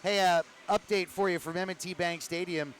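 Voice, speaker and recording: A male hockey announcer speaks from an arena broadcast booth. His voice sits slightly high and he lays out the action in a calm, methodical way, with faint background noise. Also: low-quality recording. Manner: measured, explanatory recapping. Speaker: play-by-play announcer.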